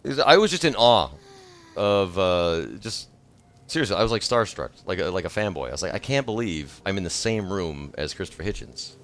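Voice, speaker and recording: A man in his thirties chatting casually on a livestream, rambling from thought to thought and bursting into excited shouts. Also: low-pitched, moderate pace. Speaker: streamer.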